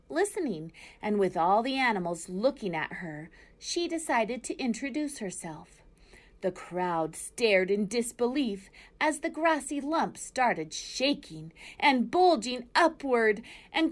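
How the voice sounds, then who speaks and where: A woman reading a children's novel aloud, in an expressive storytelling manner. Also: medium pitch.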